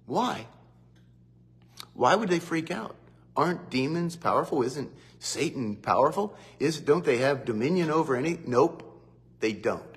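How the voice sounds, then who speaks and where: A man giving a devotional Bible teaching, animated, who often acts out quotes. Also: on the high side, measured pace. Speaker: preacher.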